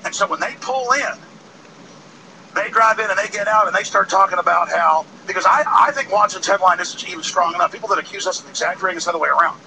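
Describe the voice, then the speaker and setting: Gravelly ranting man outdoors. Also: sits high, fast. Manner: impassioned, ranting, emphatic. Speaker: host. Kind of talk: fiery outdoor protest broadcast. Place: outdoors by a road. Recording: distant mic, loud street noise.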